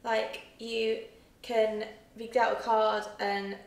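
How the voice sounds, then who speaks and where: A woman's voice: fairly high pitch, little pitch movement, slow, gravelly. A young woman in a casual chat, earnestly explaining her views at length. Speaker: guest. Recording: roomy echo, distant mic.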